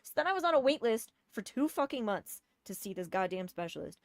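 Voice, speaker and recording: A woman's voice: fairly high pitch, very animated, fairly quick, dry recording, studio quality. A woman telling a personal story in a casual, exasperated rant, swearing often and hitting key words hard. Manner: exasperated, profane, emphatic.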